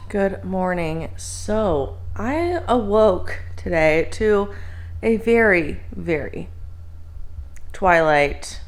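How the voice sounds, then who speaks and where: A woman's voice: lowish voice, expressive, extremely slow. A young woman in casual, chatty conversation at home as a book vlogger, often using "like" and "um". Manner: chatty, peppered with "like" and "um". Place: at home indoors.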